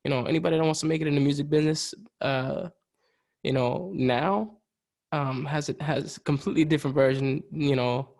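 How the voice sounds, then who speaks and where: A middle-aged musician talks casually, winding through his stories with lots of "you know" and restarts. His voice is a little high and has a gravelly fry to it. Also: fairly quick, darkish tone. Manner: rambling storyteller, heavy fillers, frequent "you know". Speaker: podcast guest, musician. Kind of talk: casual chat.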